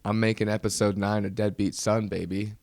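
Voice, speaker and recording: A man's voice: fairly low pitch, flat delivery, a little fast, darkish tone, dry recording. A man hosting his own comedy podcast, ranting nervously and mocking himself. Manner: nervous, self-mocking rant. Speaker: podcast host. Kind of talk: solo comedy podcast monologue.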